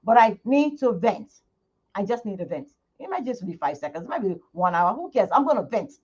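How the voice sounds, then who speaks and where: A woman's voice: medium pitch, very animated, brisk, darkish tone, husky. A middle-aged woman hosting her own channel from home, venting frankly to her viewers in a casual livestream chat. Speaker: skincare channel host. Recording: muffled lo-fi sound.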